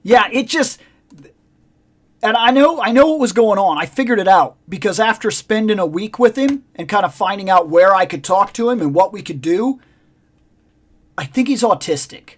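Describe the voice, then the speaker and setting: Podcast co-host, casual chat, rambling storyteller, middle pitch. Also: animated. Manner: rambling storyteller, drawn-out emphasis.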